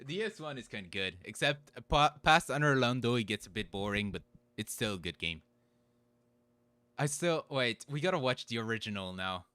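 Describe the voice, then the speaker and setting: A man's voice: medium pitch, lively intonation, normal speed, sharp tone. A man streaming a game, chatting casually, swearing and laughing as he talks. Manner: swearing, laughing, dubbing a clip aloud.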